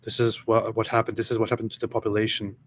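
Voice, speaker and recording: A man with a lowish voice co-hosting a livestream and giving sardonic commentary. He talks casually and mocks his opponents. Faint noise sits under his voice. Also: completely flat delivery, quick pace. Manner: sardonic, talks over clips. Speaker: co-host.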